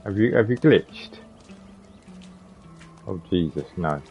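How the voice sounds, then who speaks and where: A man with a very low voice rambles through live gameplay commentary, chatting to viewers by name. The sound is a little muffled and lo-fi, with faint game music underneath. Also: lively intonation, slow pace. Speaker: game streamer. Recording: slightly muffled lo-fi stream audio.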